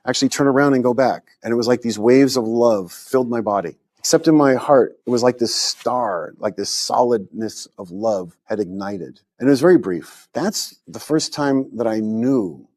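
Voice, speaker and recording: A man's voice: medium pitch, lively intonation, moderate pace, few pauses, a little mellow. A man, a guest in an interview, telling a personal testimony earnestly, often repeating words as he goes. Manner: earnest storytelling with stammered repeats and quoted inner thoughts.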